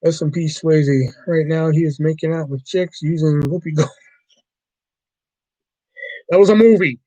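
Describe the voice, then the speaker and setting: A man's voice: a little high, fairly even intonation, moderate pace, mellow, dry recording, rough recording. A man hosting a livestream, chatting casually about movies in a rambling, profane way. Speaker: livestream host.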